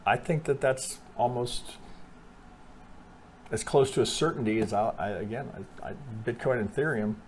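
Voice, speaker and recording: Here a trading analyst chats his way through chart analysis on a screen share, with restarts, frequent "right?" checks and plain swearing. His medium-pitched voice moves at a moderate pace over slight background noise.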